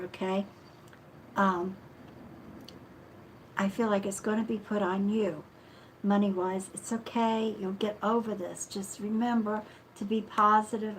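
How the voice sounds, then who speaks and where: A woman hosting a live-streamed psychic reading who speaks softly and affectionately, calls viewers sweetheart, and often apologizes and trails off mid-thought. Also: medium pitch, a little hiss or hum, rough recording. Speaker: psychic reader.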